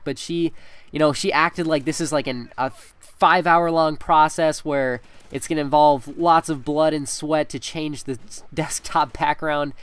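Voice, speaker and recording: A teenage boy commentates on a game while swapping in a chatty school story full of laughter and filler words. His smooth voice is a little high with a fairly bright tone, and there's no room sound.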